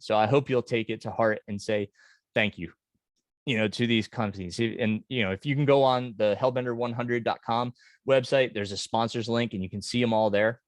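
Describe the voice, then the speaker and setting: A man, a race director, talking casually on a podcast, earnest and grateful, halting with many fillers and restarts. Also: lowish voice, no echo, studio quality.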